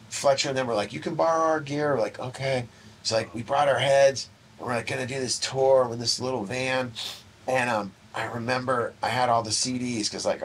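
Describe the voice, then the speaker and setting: A middle-aged man spins a rambling anecdote in a relaxed interview. He slips into the voices of the people he quotes and swears casually along the way. A faint hiss of noise sits under the recording. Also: mid-range voice. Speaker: interview guest. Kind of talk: casual storytelling.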